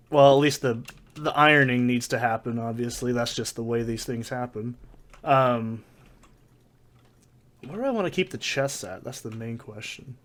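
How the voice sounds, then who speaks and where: A man's voice: medium pitch, fairly bright tone. Profane rambling man doing gameplay commentary. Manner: rambling, profane, mock-ranting. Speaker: let's play host. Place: soundproofed home corner. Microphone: desk condenser mic with pop filter.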